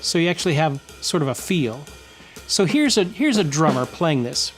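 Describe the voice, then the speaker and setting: A man's voice: a little high, sing-song, moderate pace. A man giving an instructional guitar lesson, explaining patiently and counting and scatting rhythms aloud. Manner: friendly, explanatory, with restarts. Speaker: guitar teacher.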